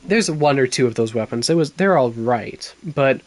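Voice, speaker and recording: A man co-hosting a casual gaming chat, teasing his partner in quick banter. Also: mid-range voice, animated. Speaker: podcast co-host.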